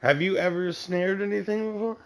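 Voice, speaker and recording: Streamer: gravelly guy, rambling, swears a lot, loose casual chat. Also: high-pitched, fairly quick. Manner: profane, rambling, advice-giving. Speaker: game streamer.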